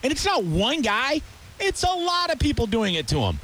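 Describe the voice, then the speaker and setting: Male sports radio host, high, lively voice, heated ranting delivery. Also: normal speed. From Tampa area. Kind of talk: sports talk rant.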